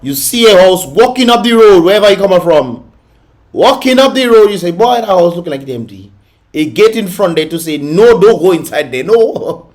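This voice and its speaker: A man's voice: sits high, expressive, moderate pace, darkish tone. A man hosting a reaction vlog, scolding and mocking with frequent laughter. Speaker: vlog host reacting to videos. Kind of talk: reaction commentary.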